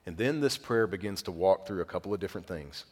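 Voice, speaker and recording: Preaching in a hall with a long echo, a young male pastor speaks at a quick pace in a fairly low voice. He tells stories in a casual, lively manner, rising in volume when he's excited before sinking into quiet, solemn emphasis.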